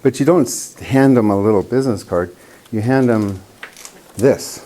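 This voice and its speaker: A man leads a painting workshop with a warm, mellow voice. He talks in a loose, chatty way and tells stories, putting on the voices of the people in them. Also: fairly low pitch, moderate pace, slight background noise. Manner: chatty storyteller, acts out quoted voices. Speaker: painting instructor. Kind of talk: casual workshop teaching.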